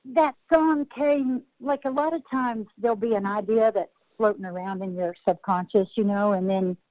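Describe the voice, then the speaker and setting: A woman's voice: mid-range voice, normal speed, no room sound, highs cut off. A woman country singer-songwriter, a podcast guest, telling rambling, self-interrupting stories and laughing at her own tales.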